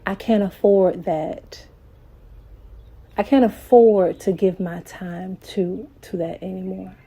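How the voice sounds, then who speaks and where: A woman in a personal voice note, speaking very slowly and deliberately. She repeats her phrases like affirmations, with a middle-pitched voice that grows emotional and fades toward a whisper. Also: fairly even intonation, warm tone, husky. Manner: slow, emphatic, repeating lines like affirmations. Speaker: life coach. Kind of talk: reflective voice note.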